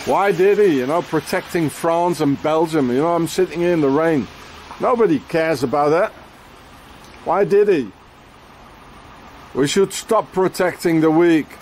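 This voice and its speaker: A man delivering an angry, rambling rant outdoors in the rain, swearing often and filling every pause with "you know" and "eh?". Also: a little high, a little mellow, a little hiss or hum.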